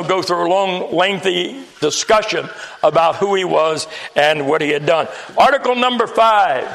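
A man's voice: high voice, gravelly, a bit bright. A man preaching a sermon in a church, folksy and storytelling with touches of humor.

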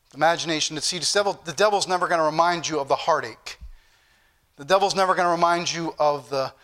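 A male pastor delivers a fervent sermon. His voice sits high and rings bright and forceful. He repeats phrases and keeps calling on the brethren.

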